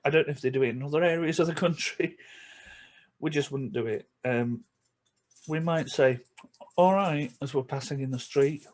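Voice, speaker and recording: Yorkshire bloke vlogging, casual chatty tone, laughs between bits, normal mid voice. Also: male voice, mid-range voice, steady tone, darkish tone, slight background noise. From England. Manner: chatty, chuckles between remarks, breaks into quick asides. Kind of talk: casual chat to camera.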